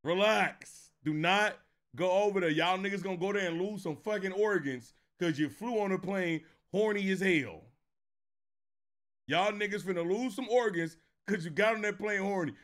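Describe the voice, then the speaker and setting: Animated high-voiced streamer man. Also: moderate pace. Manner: animated, swings from low mutters to loud laughing outbursts. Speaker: streamer reacting to clips. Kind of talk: casual reaction stream chat.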